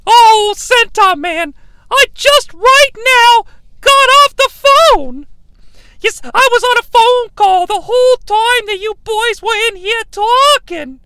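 A woman doing a shrill, panicky housewife. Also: takes it slowly, a bit bright, full character voice. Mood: frantic. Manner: breathless, exclamatory, melodramatic. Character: fretful housewife, prone to panic. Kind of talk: improvised comedy podcast.

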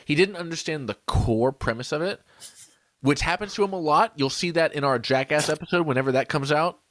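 A man's voice: fairly high pitch, a little fast, fairly bright tone, no room sound. Drunk guy rambling and hiccuping on a podcast, dry close mic. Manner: rambling, tipsy, laughing. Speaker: podcast co-host. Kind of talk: casual chat.

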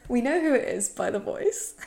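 A woman co-hosting a casual rewatch podcast, her voice carrying a gravelly fry. She recaps scenes in a chatty, amused way, often breaking into laughter. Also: a little high, sing-song, normal speed, a little mellow. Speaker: podcast co-host.

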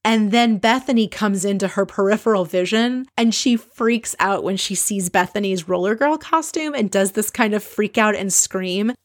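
A woman chatting casually as she recaps a reality show, opinionated and quick to mimic the people she describes. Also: medium pitch.

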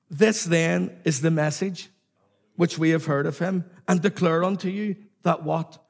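Male preacher, husky and a bit high-pitched, emphatic sermon delivery with call-and-response. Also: steady tone, a little slow. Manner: emphatic, repetitive, calls on the congregation to respond.

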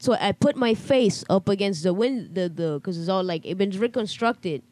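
Relaxed woman hosting a chat. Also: mid-range voice, no room sound. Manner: relaxed, asks quick follow-up questions. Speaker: host. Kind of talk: casual chat.

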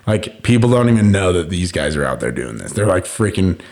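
A man's voice: low-pitched, very animated, fairly quick, a little mellow. A young man chatting casually on a podcast, rambling through a story with lots of fillers and frequent laughter. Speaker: podcast host.

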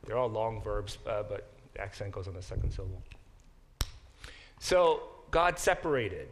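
Guy giving a bible class lecture, lots of uh and restarts, slows down on hebrew words. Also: fairly low pitch, level tone, darkish tone, a little hiss or hum. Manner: thinking aloud, many restarts and fillers. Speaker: professor teaching a Bible class.

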